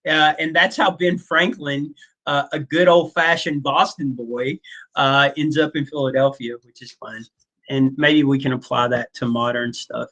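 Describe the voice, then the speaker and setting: A man's voice: mid-range voice, fairly even intonation, unhurried, a bit bright, rough recording. A man teaching a history class in a casual, joking way, with many fillers and asides. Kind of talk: classroom lecture.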